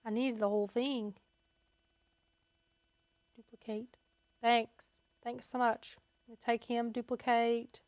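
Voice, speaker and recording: A woman's voice: on the high side, no echo. A woman hosting a casual step-by-step crafting tutorial, chatty and upbeat, talking straight to her viewers.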